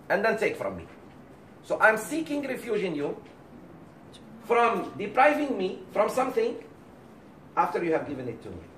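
Man, religious teacher, animated delivery, acts out quotes, distant roomy recording. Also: high-pitched, slight background noise. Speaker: Islamic teacher. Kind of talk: lecture to a class. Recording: roomy, distant mic, faint background.

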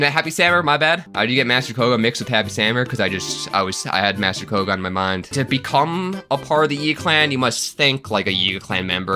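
A man hosting a comedic gameplay video, jokey and animated, often yelping and laughing at what happens on screen. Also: mid-range voice. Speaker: gaming video host.

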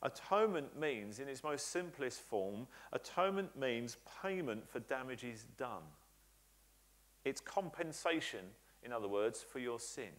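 A man's voice: medium pitch, animated, unhurried, a bit bright. A man preaching a sermon in a church, earnest and emphatic, building his points by repetition with frequent "uh" fillers. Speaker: pastor.

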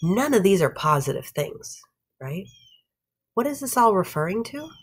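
A woman's voice: mid-range voice, very animated, moderate pace, breathy edge. A woman teacher giving a recorded lesson to her students, often checking in with "right?" and "okay?".

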